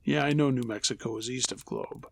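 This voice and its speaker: A man narrating true scary stories in a low, steady storytelling voice. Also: fairly quick, gravelly, a little hiss or hum.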